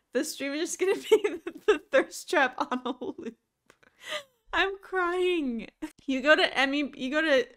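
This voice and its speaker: A woman's voice: high voice, fairly bright tone. A woman streaming live, chatting casually and rambling, laughing often between thoughts.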